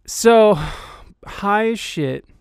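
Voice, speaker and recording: A man's voice: high voice, animated, extremely slow, gravelly, smooth, no room sound, studio quality. A man telling a casual anecdote in a rambling, profane way, full of fillers.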